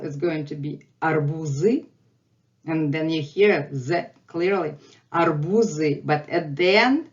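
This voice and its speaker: A woman teaching a Russian lesson, drilling each sound by slow repetition. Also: low voice, dull audio. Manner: drills sounds by repeating them slowly. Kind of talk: slow, careful language lesson.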